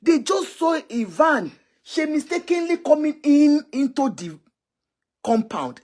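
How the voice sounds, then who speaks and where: A woman's voice: fairly high pitch, husky. A Nigerian woman giving exclamatory, scolding political commentary on a live stream. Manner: scolding, exclamatory, switching languages.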